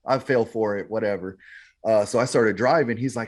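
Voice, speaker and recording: A man's voice: fairly low pitch, fast. A man guest on a podcast, telling his story in a laid-back, slangy way, often saying "man" and "bro". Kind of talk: casual storytelling.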